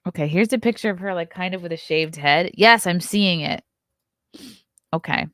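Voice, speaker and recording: A chatty woman in her thirties hosts a live stream. She riffs and laughs easily, her voice a little low. The mic sound is dry and close. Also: normal speed, fairly bright tone, no room sound. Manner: chatty, riffing, laughs often. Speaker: host. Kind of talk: casual live-stream chat.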